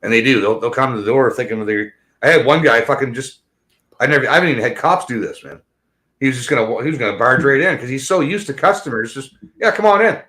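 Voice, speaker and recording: A man's voice: mid-range voice, fast talker, bright, forceful tone. Angry swearing man ranting. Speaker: podcast co-host. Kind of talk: profane casual chat.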